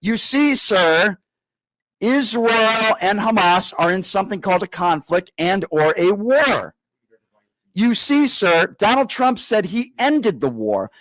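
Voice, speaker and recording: Radio host, male, high-pitched, dry close sound; combative, insulting, deliberately slow lecturing. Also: sing-song, fairly bright tone, no echo, low-quality recording. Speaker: radio talk show host. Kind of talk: live call-in radio.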